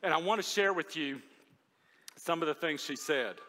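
A male pastor preaching a sermon from a church podium, telling stories animatedly and swinging between loud and hushed delivery. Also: on the high side, normal speed. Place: church sanctuary. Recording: long reverb of a large hall.

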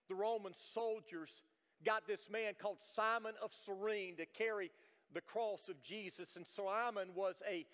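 A man's voice: sits high, fairly bright tone. A man preaching a sermon as pastor, earnest and repeating himself for emphasis, in a church sanctuary. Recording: long reverb of a church hall.

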